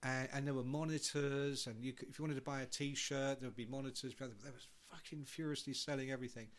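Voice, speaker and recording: A man in casual podcast chat, telling an animated backstage anecdote with lots of swearing and quick acted-out voices. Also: mid-range voice.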